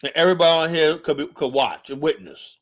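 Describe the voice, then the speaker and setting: A male livestream host with a slightly high voice, ranting through a heated political monologue. He talks in a combative, profane way, often repeating his phrases. He calls out his viewers directly. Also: quick pace.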